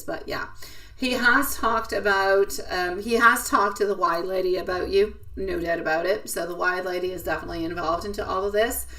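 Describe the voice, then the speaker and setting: A woman's voice: medium pitch, sharp tone, distant mic. A woman giving a live tarot reading, chatting in a giggly, affectionate way and addressing viewers by name. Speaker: tarot reader.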